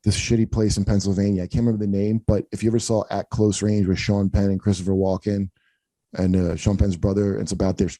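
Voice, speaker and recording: He talks fast in a lowish, warm voice with little rise or fall, recorded with no echo. As host of a comedy podcast, he chats loosely and tells meandering, profane stories, acting out what others said.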